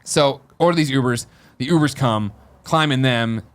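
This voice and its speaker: A man's voice: mid-range voice, normal speed, a bit bright. A man in his thirties hosting a podcast, telling a story casually and acting out the voices of the people in it. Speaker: podcast host.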